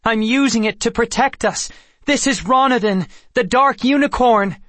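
A man's voice: on the high side, steady tone, moderate pace, husky, dry recording. A man reading an audiobook, voicing a determined, protective teenage girl in an urgent, pleading way. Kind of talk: audiobook character voice.

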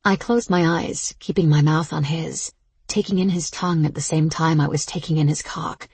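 A woman narrating an audiobook in the first person, slow and intimate, with a low, very breathy voice and a gravelly edge. The sound is close and dry. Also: steady tone, darkish tone, no echo.

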